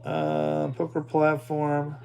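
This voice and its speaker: A man's voice: a little high, monotone, slow pace, vocal fry, mellow, smooth. A man hosting a casual livestream, chatting loosely with his viewers and an AI assistant. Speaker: livestream host.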